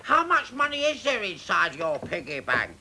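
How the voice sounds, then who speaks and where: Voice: medium pitch, huge pitch swings, normal speed, bright, forceful tone, a little hiss or hum, heavily acted. A performer voicing a cheeky, boastful puppet character on a children's show, brash and gloating.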